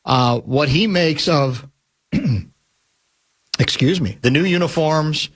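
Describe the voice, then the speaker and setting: A man's voice: fairly high pitch, takes it slowly, husky. A man hosting sports talk radio in casual banter, blunt and sarcastic as he needles his guest. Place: radio studio.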